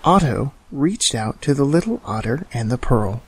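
A man narrating a children's bedtime story in a slow, calm and soothing way. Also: mid-range voice, slightly rough. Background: soft music.

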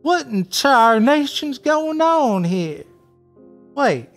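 A man's voice: very high-pitched, very animated, very slow, soft background music, exaggerated voice. A man voicing a female nymph with a Southern drawl who calls everyone honey, in a tabletop role-play. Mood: startled. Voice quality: sweet, calls people honey.

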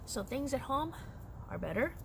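A woman's voice: high voice, animated, normal speed, vocal fry. Candid, chatty middle-aged woman vlogging. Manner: candid, chatty, often laughing. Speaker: crochet vlogger. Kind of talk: casual personal vlog chat. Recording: noisy background.

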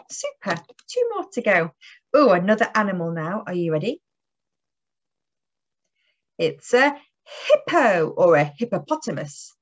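A woman teaching phonics to young children, lively and encouraging, sounding out letters slowly. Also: on the low side, dull audio. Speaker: early years teacher. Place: classroom or home table.

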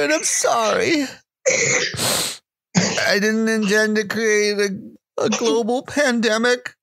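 A man's voice: high-pitched, fairly bright tone, dry recording, pitched above the performer's own voice, full character voice. A man voicing a grown man who sobs out an overwrought, mock-tearful confession in a quavering, whiny voice.

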